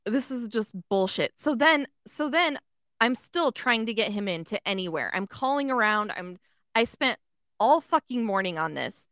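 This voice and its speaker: A woman's voice: on the high side, lively intonation, moderate pace, fairly bright tone, no room sound, clean studio sound. A woman telling a story in casual chat, swearing often, filling with "like" and acting out the other voices. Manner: swears a lot, fills with "like", acts out voices.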